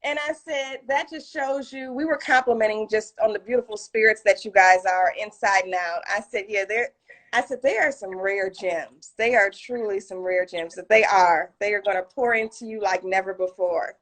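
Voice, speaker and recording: A woman's voice: medium pitch, normal speed. A woman hosting a casual live video chat, telling stories and quoting friends with feeling, talking through a phone. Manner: storytelling, quotes friends, emotional and warm. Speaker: author and live stream host. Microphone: phone on a live video call.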